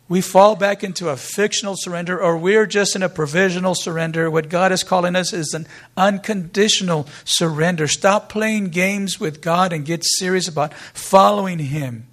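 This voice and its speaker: A male pastor preaching a sermon earnestly, building to emphatic peaks and dropping quiet, with a conversational storytelling manner. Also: sits high. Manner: storytelling asides with fillers and restarts. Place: church.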